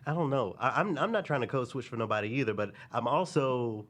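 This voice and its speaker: A man's voice: medium pitch, animated, a little fast, fairly bright tone. A man hosting a casual podcast conversation, laid-back and joking with slangy asides. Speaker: podcast host. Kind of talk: casual chat.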